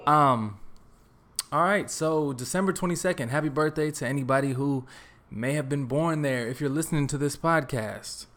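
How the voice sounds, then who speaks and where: A young man from Texas hosting a solo podcast, telling a story in a relaxed, joking, rambling way with lots of fillers. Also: fairly high pitch, normal speed. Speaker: podcast host. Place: his apartment.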